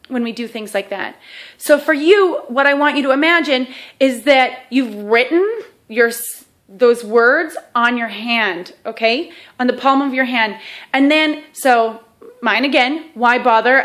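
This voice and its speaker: A woman with a somewhat high voice walks the listener through a self-help exercise. She keeps it casual and chatty, checks in with "okay?" again and again, and pokes fun at herself as she goes. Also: fairly bright tone. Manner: self-deprecating humor.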